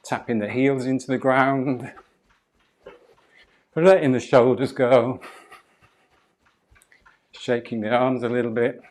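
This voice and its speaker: Over a video call, a man with a medium-pitched voice leads a live online qigong and breathwork class. His guiding cues are calm and drawn out.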